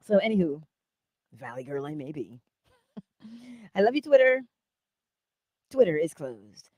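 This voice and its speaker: Speaking slowly with long pauses, this livestream host has a fairly low, warm voice with big pitch swings. She laughs a lot, greets viewers by name, and chats playfully in a valley-girl style she admits to herself. The recording is dry and dull.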